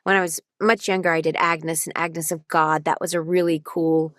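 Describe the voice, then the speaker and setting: Woman voice actor chatting in an interview, slightly low voice, dry close mic, lively storytelling. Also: normal speed, no room sound. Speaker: voice actor guest. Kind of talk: casual interview chat.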